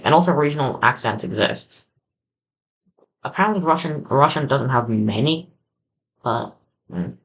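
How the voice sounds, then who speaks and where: An Australian-accented streamer gives loose reaction commentary. The talk comes in halting bits, full of restarts and self-corrections. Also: mid-range voice, a bit bright, poor audio. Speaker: livestreamer learning Russian.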